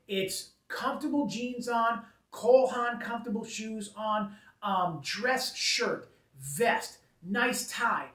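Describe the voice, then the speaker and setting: A man's voice: high-pitched, fairly bright tone, far from the mic. Man, wedding photographer type; emphatic casual advice, hammers points home by repeating them; roomy sound, a bit away from the mic. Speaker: wedding photographer giving business tips. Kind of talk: casual advice talk to camera.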